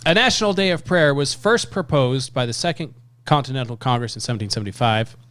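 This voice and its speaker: A man with an even, middle-pitched voice co-hosts a talk podcast. He reads historical quotes aloud with deliberate emphasis. The sound is dry and close, with no room echo. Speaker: podcast co-host. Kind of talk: casual chat, reading quotes aloud.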